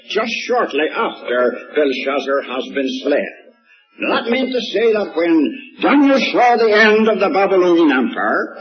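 Emphatic preacher man on dull tape. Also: a little high. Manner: emphatic, rises sharply on key words. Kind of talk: Bible teaching sermon.

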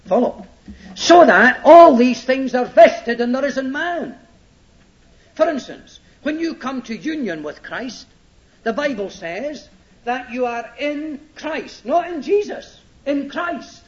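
A preacher teaching scripture in an emphatic, driving way, hammering each point home and asking his hearers if they follow. His voice sits high and swoops up and down. The sound is dull and lo-fi, like an old sermon tape. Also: big pitch swings, slow pace. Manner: emphatic, repeats points and checks listeners are following.

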